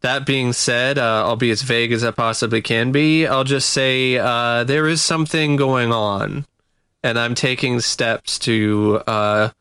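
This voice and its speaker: A man co-hosting a podcast, talking casually and haltingly with lots of fillers. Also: mid-range voice, a bit bright, clean tone, no room sound, clean studio sound. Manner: hesitant, many fillers. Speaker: podcast co-host. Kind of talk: casual chat.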